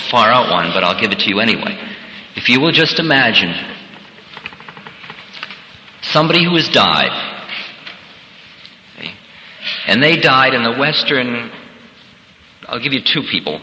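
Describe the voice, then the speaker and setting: A man's voice: fairly low pitch, bright, forceful tone, slight background noise. A man giving a reflective, conversational workshop talk as a spiritual teacher, now and then acting out little scenarios. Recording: echoey hall with long reverb.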